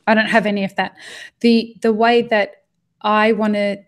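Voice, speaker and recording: A woman's voice: mid-range voice, flat delivery, normal speed. Brief: woman, mid-range voice, heated podcast chat full of restarts and cursing. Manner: impassioned, frequent restarts and swearing. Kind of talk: casual podcast conversation.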